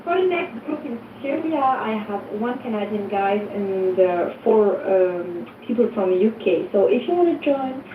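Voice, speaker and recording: A French-speaking woman talking English with a foreign accent in a casual group voice chat, eager and pleading as she pitches trips. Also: animated, unhurried, few pauses, distant mic. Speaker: tour organizer in a voice chat room. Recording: tinny, echoey phone audio with noise.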